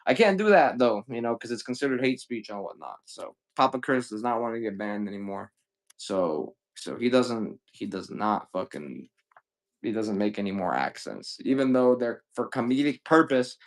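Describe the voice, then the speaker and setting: Animated and medium-pitched, this live streamer sells video games while chatting informally. He curses without restraint and rattles off hellos to one viewer after another.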